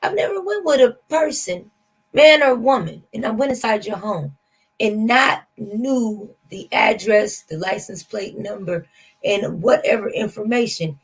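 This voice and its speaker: With a mid-range, husky voice, this woman speaks in an animated but unhurried way, and the recording quality is low. She runs a reaction stream, offering chatty, skeptical commentary addressed straight to her viewers.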